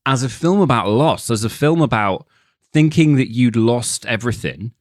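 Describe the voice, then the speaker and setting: A man co-hosting a film podcast, explaining his views in a measured, reflective way. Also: medium pitch, lively intonation, no room sound, studio quality. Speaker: podcast co-host. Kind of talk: casual podcast chat.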